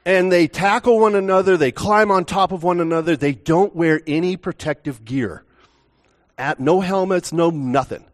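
A man's voice: high-pitched, normal speed. A male pastor opening a sermon in a church, joking and chatting with the congregation before the teaching. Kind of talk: relaxed sermon with banter.

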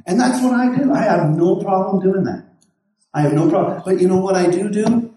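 A man's voice: high-pitched, fairly quick, mellow. Folksy pastor man in an echoey room. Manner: rambling, folksy, with many restarts and quoted dialogue. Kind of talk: casual storytelling.

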